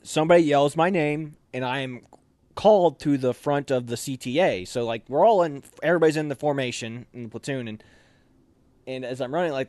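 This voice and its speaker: A man's voice: mid-range voice, dry recording. A man in a casual interview, telling a story with many fillers and acting out the voices of the people in it. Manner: animated, acts out quoted voices, many fillers. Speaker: officer candidate being interviewed.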